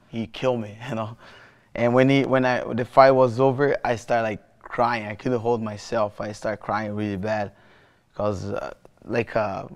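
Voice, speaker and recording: A man in his thirties with a Brazilian Portuguese accent tells a personal story in an interview, halting and restarting, with many fillers. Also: on the low side. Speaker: jiu-jitsu athlete.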